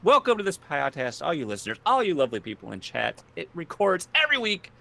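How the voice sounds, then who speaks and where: A man co-hosting a live podcast, excitable and jokey in casual chat. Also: on the high side, quick pace, creaky. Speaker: podcast co-host.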